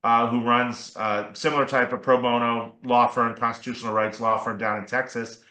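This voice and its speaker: A man's voice: medium pitch, little pitch movement, normal speed, sharp tone, echoey room, rough recording. A man speaking as an attorney guest on a podcast interview, explaining in an earnest way and often checking in with "right?" and "okay?".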